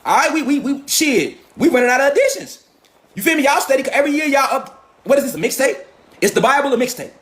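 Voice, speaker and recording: A man's voice: very high-pitched, lively intonation, fast talker, fairly bright tone. A man in a profane, confrontational ranting monologue, firing rhetorical questions. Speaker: commentator.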